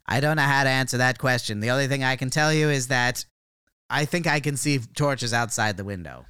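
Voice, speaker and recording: Guy doing a smug mad scientist, bright crisp voice, totally matter-of-fact. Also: medium pitch, fairly quick, no echo, clean studio sound. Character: male mad scientist Terry with nine fingers. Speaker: co-host playing a character. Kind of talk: improvised comedy role-play.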